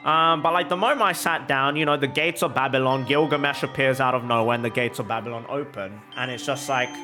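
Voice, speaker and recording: A young man streaming a game, telling a long embarrassing story in an animated, exaggerated comic way. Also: mid-range voice, fast, hardly any pauses, music in the background. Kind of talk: casual storytelling while gaming.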